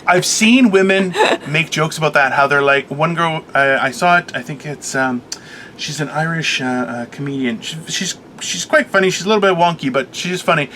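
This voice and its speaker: Man, comic co-host, high bright voice, swearing rant, faint hiss behind. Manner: profane, animated storytelling rant. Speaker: podcast co-host, stand-up comic. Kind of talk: casual chat.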